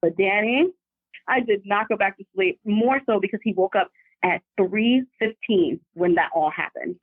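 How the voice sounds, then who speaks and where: Brief: animated woman caller telling a story down a thin, tinny phone line. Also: mid-range voice, moderate pace, no room sound. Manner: animated, vivid retelling. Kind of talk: casual storytelling. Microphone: phone call.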